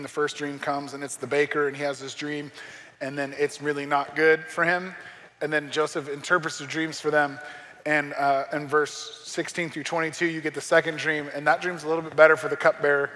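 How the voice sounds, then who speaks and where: A man's voice: on the high side, pushed and bright, in a large hall. A man preaching a sermon as pastor, in a conversational style with joking asides. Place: church sanctuary.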